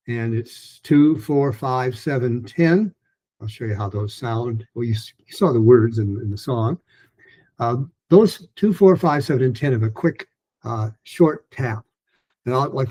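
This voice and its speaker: Male pronunciation teacher, husky, dark tone, relaxed and informal, demonstrating gestures. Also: medium pitch. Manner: relaxed, informal, with many fillers; gestures while explaining. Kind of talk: online lesson.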